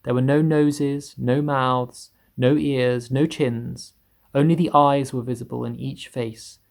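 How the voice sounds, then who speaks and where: Gravelly man reading a children's story. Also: slow. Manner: steady storytelling, voicing characters in higher pitch. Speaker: reader. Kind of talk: reading a children's book aloud.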